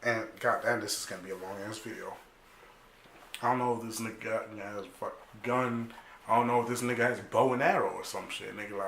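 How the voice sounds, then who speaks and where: A young man telling a story casually, animated and profane, full of slang, acting out other people's lines. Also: lowish voice, slight background noise. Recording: echoey room.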